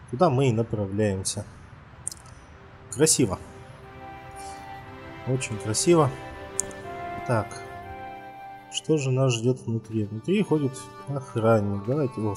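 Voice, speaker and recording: A man's voice: fairly low pitch, moderate pace, long pauses, darkish tone, faint music behind. Joking male game commentator. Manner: joking, teasing. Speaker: let's play host.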